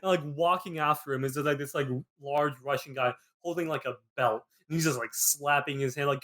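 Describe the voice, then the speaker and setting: A young man hosting a podcast, telling a story in a rambling casual way, filling every pause with "like". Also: on the high side. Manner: rambling, peppered with "like", animated retelling. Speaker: podcast host.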